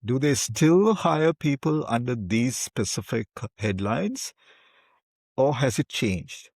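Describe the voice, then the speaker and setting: A man's voice: mid-range voice, lively intonation, slow pace, a little mellow, dry recording, studio quality. Emphatic man hosting an interview. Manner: emphatic, repeats words at sentence starts. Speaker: podcast host. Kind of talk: interview conversation.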